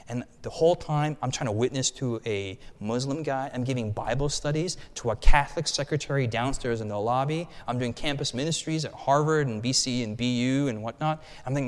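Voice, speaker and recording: A male pastor preaching a storytelling sermon, animated and conversational, with frequent restarts and asides. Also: medium pitch, moderate pace. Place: church hall. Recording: long hall reverb.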